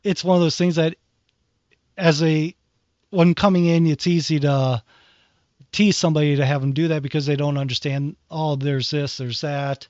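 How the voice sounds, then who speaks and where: A man's voice: on the high side, normal speed, no room sound. A man co-hosting a podcast, rambling through examples in a casual chat. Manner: rambling, animated retelling with acted quotes. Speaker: podcast co-host. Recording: dry, dull lo-fi sound.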